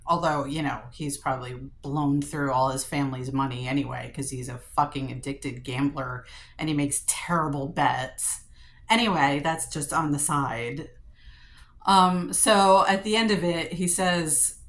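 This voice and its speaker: A middle-aged woman with a low voice records a personal diary vlog. She vents in an upset, swear-filled way and keeps restarting her sentences with "um" and "like.". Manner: upset, profane venting with frequent fillers and restarts. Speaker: vlogger.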